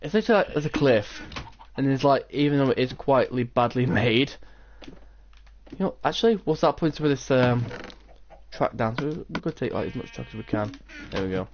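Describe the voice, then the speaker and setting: A teenage boy chats loosely over his gameplay and drifts from story to story, with "like" filling every gap. His voice sits at an ordinary pitch. The recording is dull and lo-fi, with a faint noise underneath. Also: expressive, fairly quick. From England. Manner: rambling, storytelling with lots of "like". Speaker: gaming channel host. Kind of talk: casual gameplay chat.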